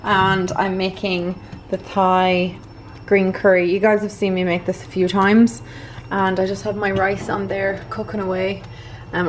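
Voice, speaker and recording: A woman from the UK or Ireland chats casually to her own camera in a home kitchen. She talks in a medium-pitched voice, a little out of breath, with frequent "like" and "um" and quick laughs. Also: a little hiss or hum. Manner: chatty, lots of "like" and "um", laughs easily. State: a bit out of breath. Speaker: vlogger. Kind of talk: casual vlog chat.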